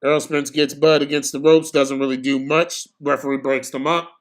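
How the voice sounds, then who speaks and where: Excitable slangy male fight streamer. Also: on the high side, moderate pace. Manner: excitable, slangy, bursts into screaming. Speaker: livestream boxing commentator. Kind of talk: casual live fight commentary.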